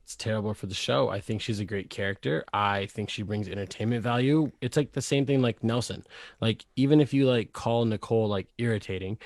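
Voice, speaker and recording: A man's voice: lowish voice, dry recording, clean studio sound. A man co-hosting a podcast, chatting casually and filling his talk with "like". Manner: quick, chatty, lots of "like". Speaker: podcast co-host. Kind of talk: casual chat.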